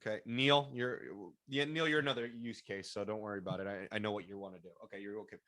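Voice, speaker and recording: Man, first language Spanish, bright voice, coaching tone, stumbles and repeats words, video call. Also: on the low side, fairly even intonation, quick pace. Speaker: workshop presenter. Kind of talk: online workshop talk.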